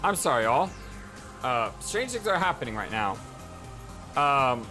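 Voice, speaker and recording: A let's play host reading a visual novel aloud and reacting in an excitable, stammering way. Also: male voice, medium pitch, a little slow, long pauses, faint music behind.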